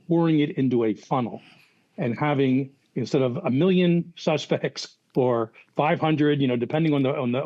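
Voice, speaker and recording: A man's voice: mid-range voice, a little mellow, dry recording. An older man tells rambling stories, full of fillers and false starts. His audio is slightly muffled and lo-fi. There is almost no room sound around him. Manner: rambling anecdotes with many restarts and fillers. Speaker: guest, former FBI profiler. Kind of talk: casual podcast storytelling.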